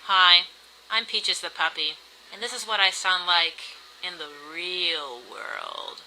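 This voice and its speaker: A woman puts on a girlish puppy character, sing-song and silly. The voice is very bright and slow. A faint hiss sits under the old clip. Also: lowish voice, exaggerated voice, rough recording. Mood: cutesy.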